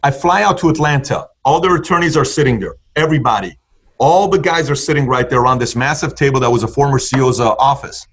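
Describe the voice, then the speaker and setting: A man's voice: medium pitch, expressive, fast talker, fairly bright tone, breathy edge. A man on a podcast as a guest, telling his story with emphasis and acting out what people said in different tones. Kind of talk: animated personal storytelling.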